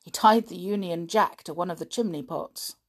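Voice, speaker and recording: A woman voicing a chatty, cheerful schoolboy in a storybook, talking briskly. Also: lowish voice, breathy edge.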